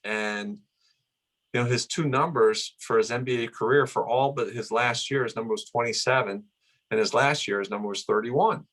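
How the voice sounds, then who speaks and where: A man's voice: lowish voice, fairly bright tone. A middle-aged man being interviewed, reminiscing in a casual, rambling way with many restarts. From United States. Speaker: guest, son of the honoree.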